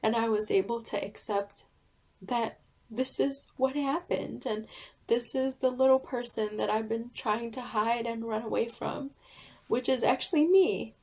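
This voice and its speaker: A woman author and therapist tells a deeply personal story in an interview. She speaks slowly and deliberately in a fairly high voice. She sounds earnest and heartfelt throughout. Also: darkish tone.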